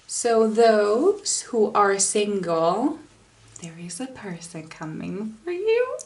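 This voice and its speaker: A young woman giving a tarot card reading in a soft, unhurried way. She speaks slowly, leaning on fillers and breaking into small giggles, with a gentle, encouraging tone. Her voice sits at an ordinary middle pitch. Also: big pitch swings. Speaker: tarot reader.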